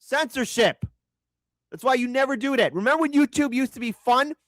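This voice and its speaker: A man hosting a political commentary show, ranting in a mocking, crude and sarcastic way with shouted jabs. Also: very high voice, brisk, no echo, clean studio sound. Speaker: show host.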